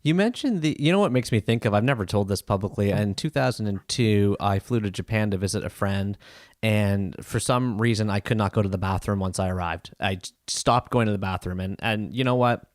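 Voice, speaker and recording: A man in his forties, a podcast host, telling a personal story in a lively, conversational way. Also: fairly low pitch, brisk, no room sound, studio quality. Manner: animated storyteller, rising with excitement.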